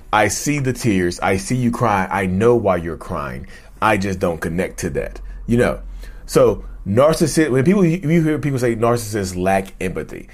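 Animated, rambling man hosting a vlog. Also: on the low side. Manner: animated and rambling, with slang and frequent restarts. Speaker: YouTube host. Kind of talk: casual vlog talk.

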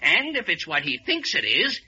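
A brash young reporter blusters with overconfidence in a slightly high, very bright voice with a husky edge. It is an old, muffled 1940s radio drama. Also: male voice, huge pitch swings, moderate pace, heavily acted. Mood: brazen. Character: brash talkative young male newspaper reporter.

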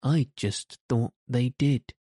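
A man voicing an eager, excitable small boy who blurts in a breathless, excited voice, in a storybook reading. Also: medium pitch, slow pace, dry recording, studio quality.

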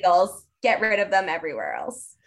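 A woman's voice: fairly low pitch, huge pitch swings, a little fast, creaky, poor audio. Woman, podcast co-host, playful, opinionated, casual chat.

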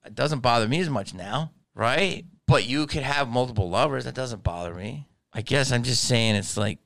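A middle-aged man doing a casual comedic monologue, profane and animated, slipping into put-on voices. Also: mid-range voice, normal speed, gravelly, no echo, clean studio sound.

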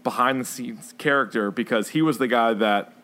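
A man co-hosting a podcast, chatting casually about films in a rambling way, full of fillers and animated retellings. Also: medium pitch, moderate pace. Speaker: podcast co-host. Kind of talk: casual chat reviewing films.

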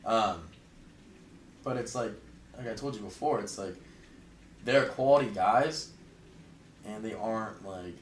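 A man's voice: on the low side, a little slow, pauses often, reverberant, distant mic, slight background noise, poor audio. A young man chatting casually as an interview guest, rambling and filling his talk with "like". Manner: relaxed, rambling, heavy use of "like". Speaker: interview guest, fraternity member.

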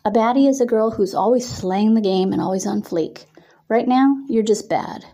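A perky, bossy college girl who coos and teases in a bright, lifted sing-song, as a woman reads her out. The voice underneath stays mellow and soft-edged. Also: fairly high pitch, moderate pace. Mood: teasing. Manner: cooing, teasing, cheery. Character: bubbly teasing bossy young college woman.

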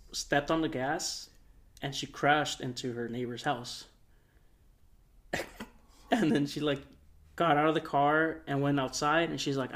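A young man with a middle-pitched voice spins out a long anecdote on a podcast. He talks in a relaxed, meandering way, full of fillers and small restarts. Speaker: podcast co-host. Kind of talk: casual storytelling.

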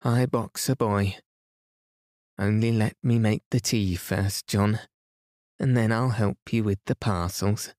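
A fond, bustling young mother fusses over her husband and baby, as a male narrator gently puts her on. The voice stays low and unhurried, with a dry, close sound. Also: steady tone, no echo. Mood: bustling, doting. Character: cheerful young wife and mother, fussing.

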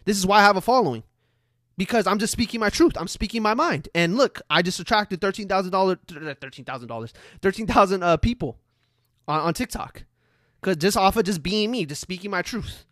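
A man's voice: high voice, lively intonation, brisk, fairly bright tone, no echo, clean studio sound. A man giving a casual motivational monologue as a social media creator, blunt and profane, repeating himself for emphasis and talking straight to his viewers. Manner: addresses viewers directly.

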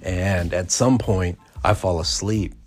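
A man's voice: deep voice, fairly even intonation, takes it slowly. A man in his forties hosting a podcast, telling a rambling, profane story and laughing as he goes. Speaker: podcast host. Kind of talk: casual storytelling.

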